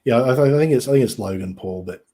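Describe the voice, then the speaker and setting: A man hosting a casual online chat show, rambling and halting with many ums and restarts. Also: mid-range voice, warm tone. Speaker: podcast host.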